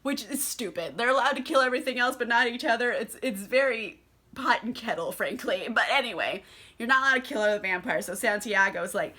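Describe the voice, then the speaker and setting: A tipsy woman giving a casual book recap, animated, swearing and laughing often. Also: medium pitch, fairly quick, breathy edge. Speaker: book reviewer.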